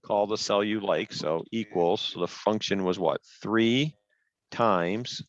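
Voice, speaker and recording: A man's voice: on the low side, takes it slowly, no echo, dull audio. Patient male teacher on a headset. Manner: patient, step-by-step, emphatic on rules. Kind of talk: online class lecture.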